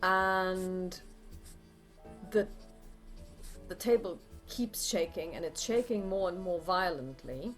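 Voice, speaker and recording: Slow-narrating woman game master. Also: on the low side, faint music behind. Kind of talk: narrating a tabletop horror game.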